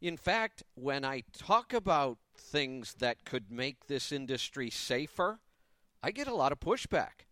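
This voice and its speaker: A man's voice: medium pitch, very animated, measured pace, a bit bright, no room sound, studio quality. A man in his fifties hosting a live talk radio show, giving an opinionated, emphatic monologue with a touch of sarcasm.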